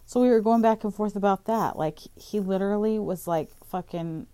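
A woman's voice: mid-range voice, normal speed, dark tone, no room sound. A woman telling a casual storytime rant, exasperated and profane, with "like" in almost every sentence. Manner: profane, exasperated, heavy use of "like". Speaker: vlogger.

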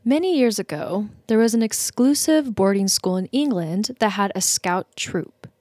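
A woman's voice: mid-range voice, moderate pace, darkish tone, no echo. An American woman co-hosting a podcast, chatting playfully and laughing easily between reading spooky stories aloud. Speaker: podcast co-host. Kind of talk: casual chat and story reading.

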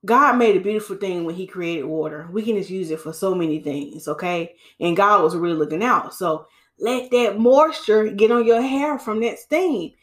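Speaking at normal speed in a mid-range voice, this woman, a hairstylist and podcast host, gives relaxed hair-care tips. She gets preachy and lively, going over her points again and addressing her audience as sis.

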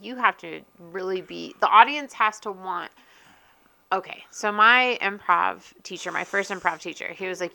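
A woman's voice: medium pitch, normal speed, vocal fry, bright, forceful tone. A woman, a stand-up comedian and podcast guest, chatting casually and supportively. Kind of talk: casual chat.

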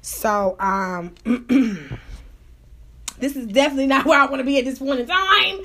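A woman with a high, bright voice hosts a podcast in loose, casual chat. She tells a story with plenty of swearing and keeps jumping into the voices of the people she's quoting. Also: very fast. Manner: animated, profane, acts out quotes. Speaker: podcast host.

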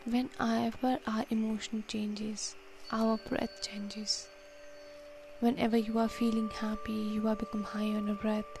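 A woman leading a guided meditation, counting breaths and giving slow, soft, calm instructions. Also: fairly high pitch, gravelly, noisy background.

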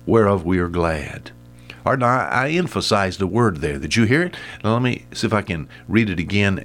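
A man's voice: lowish voice, a bit bright. An older man hosting a short radio Bible devotional, preaching in an earnest, folksy way and often calling the listener his friend. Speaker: radio preacher and program host.

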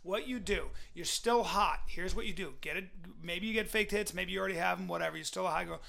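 A man's voice: high-pitched, quick pace, creaky, pushed and bright. A man on a crude comedy podcast, rambling and long-winded as he insists on finishing his point. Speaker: podcast co-host.

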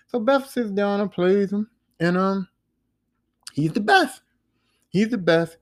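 A man's voice: sits high, lively intonation, slow pace, long pauses. Slangy, profane man recapping a show. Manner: profane slangy retelling, acting out characters' lines. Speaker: podcast host.

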